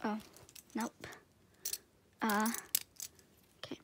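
A woman vlogger gushing through an unboxing, full of breathless exclamations and dipping into soft whispers. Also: extremely slow, slight background noise. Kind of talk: excited unboxing chat.

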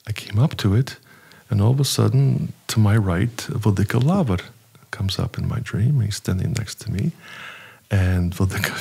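A middle-aged priest telling a personal story in an interview, unhurried and hesitant, with many fillers. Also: male voice, lowish voice, gravelly, darkish tone, breathy edge.

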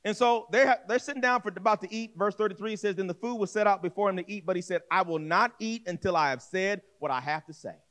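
A pastor with a high, fairly bright voice preaches a sermon quickly and with few pauses. He tells a story conversationally, speaking directly, acting out voices, and repeating words and restarting as he goes.

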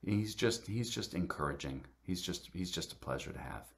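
A middle-aged man telling a personal story to a congregation, halting, with many fillers and restarts. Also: deep voice, lively intonation, vocal fry. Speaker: guest speaker at church service.

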